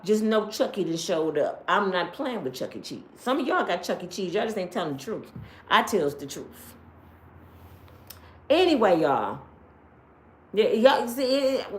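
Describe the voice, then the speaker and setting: A woman hosting a live stream from her home, talking bluntly and profanely and acting out stories. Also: high-pitched. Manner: blunt, profane, animated storytelling. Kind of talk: casual live-stream chat. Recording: echoey room.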